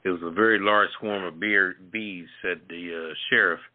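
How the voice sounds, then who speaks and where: Deep-voiced blunt man on a phone line. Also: fairly even intonation, moderate pace. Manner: stumbling reading, blunt and profane. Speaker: talk show co-host. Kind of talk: casual news reading with crude asides.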